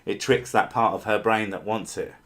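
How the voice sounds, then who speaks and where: A man's voice: lowish voice, steady tone, normal speed, fairly bright tone. A man chatting casually on a livestream, answering viewers' comments in a rambling way, with frequent fillers, restarts and offhand swearing. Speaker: streamer answering chat.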